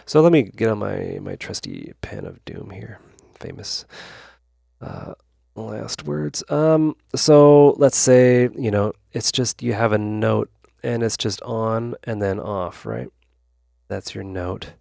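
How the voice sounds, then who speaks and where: A YouTube host with a low, gravelly voice walks through a synth demo at a slow pace, rambling loosely and stuffing his talk with fillers and side comments. The recording is dry and close-miked, with no room sound at all.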